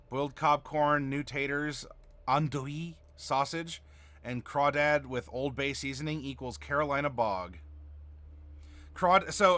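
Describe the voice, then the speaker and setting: A man's voice: on the high side, normal speed, bright, forceful tone. A man hosting a livestream as game master, chatting casually and reading viewer messages aloud. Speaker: game master and stream host.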